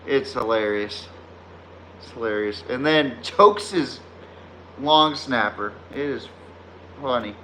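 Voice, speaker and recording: A man's voice: medium pitch, takes it slowly, long pauses, bright, forceful tone, slight background noise. A man hosting a sports podcast stream, ranting heatedly with heavy profanity and trash-talking chat commenters, often laughing at his own jabs. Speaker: podcast host. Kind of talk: live-streamed sports rant.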